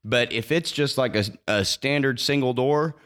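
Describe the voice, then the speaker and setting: A man's voice: mid-range voice, moderate pace, a bit bright. A young man guesting on a podcast, explaining things in an earnest, matter-of-fact way. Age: young adult. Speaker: guest, university mascot performer. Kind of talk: casual podcast interview.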